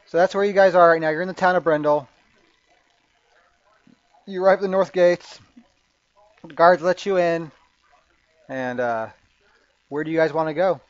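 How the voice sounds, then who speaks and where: Man, game master, tabletop game, halting with fillers, slightly high voice, dull lo-fi sound. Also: no room sound. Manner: halting, many fillers and restarts.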